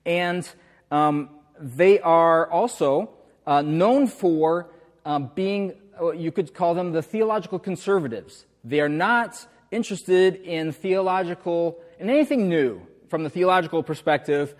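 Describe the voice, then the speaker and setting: A man preaching a relaxed, conversational sermon in a church, full of fillers and rhetorical questions. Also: fairly high pitch, a little slow, big-room sound. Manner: chatty, uses hesitant fillers and rhetorical questions. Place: church sanctuary.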